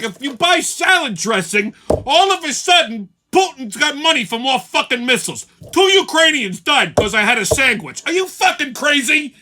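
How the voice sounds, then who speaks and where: A man's voice: very high-pitched, bright, forceful tone. A man hosting his own show, telling heated, profane stories as a comic rant. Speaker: host.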